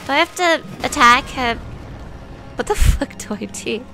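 A woman streaming a game, giving casual, profane and excitable commentary. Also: high-pitched, normal speed, soft background music.

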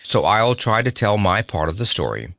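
A man voicing a fussy, emotional old nobleman who talks quickly and excitably. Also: on the low side, vocal fry, dry recording, clean studio sound, full character voice. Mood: earnest. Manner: excitable and rapid.

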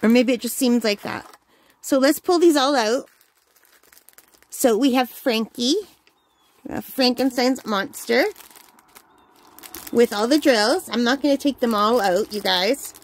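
A woman's voice: fairly high pitch, no echo. A woman hosting a crafting channel, chatting casually and enthusiastically at home while unboxing, with the hiccups. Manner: chatty, enthusiastic, easily delighted. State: has the hiccups.

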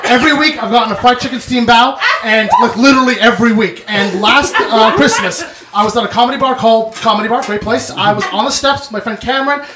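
A male stand-up comedian telling a story on stage, animated and laughing through his lines. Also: very high-pitched, quick pace, few pauses, roomy sound, background noise. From Canada. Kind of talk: stand-up set.

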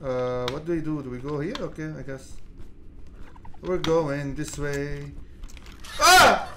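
A gaming channel host giving laid-back let's play commentary, mumbling and swearing, then yelling at the monsters. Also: mid-range voice, fairly even intonation, measured pace, background noise.

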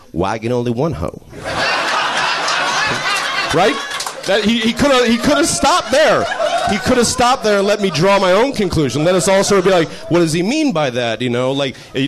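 A man's voice: high-pitched, noisy background. A man telling a rambling anecdote on a podcast, laughing as he goes. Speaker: guest comedy writer. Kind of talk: casual storytelling on a podcast. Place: live podcast stage.

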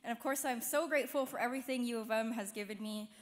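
A woman's voice: fairly high pitch, quick pace. A young woman graduate at a podium microphone, tripping over words but speaking with fervent conviction. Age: young adult. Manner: stumbling, then rising to a fervent appeal. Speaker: graduating student. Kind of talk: short graduation speech. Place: large hall at a ceremony. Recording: reverberant hall, faint noise.

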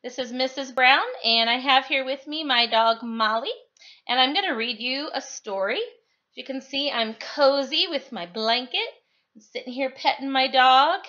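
A woman teacher reading a picture book aloud to her students, expressive and sing-song, recorded at home. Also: high-pitched, dull audio. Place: home, indoors.

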